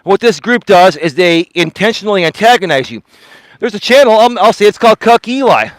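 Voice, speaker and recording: A man's voice: high-pitched, expressive, brisk, dry recording. A man, a life coach, talking on a live walking stream in an indignant, lecturing way, often repeating himself. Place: outdoors walking.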